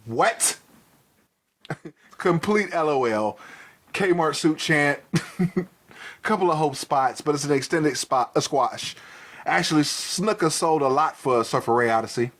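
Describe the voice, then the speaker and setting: A man's voice: a little high, lively intonation, slow pace, long pauses, a bit bright. A man co-hosting a casual wrestling review podcast, swearing freely, laughing often and acting out wrestlers' lines. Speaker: podcast co-host.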